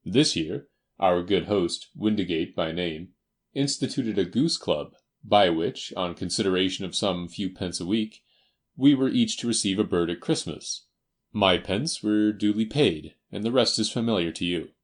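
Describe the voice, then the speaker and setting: A man plays a down-at-heel, learned older gentleman in a storybook reading. He speaks in a low, slow, staccato way, choosing each word with care. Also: animated. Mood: measured.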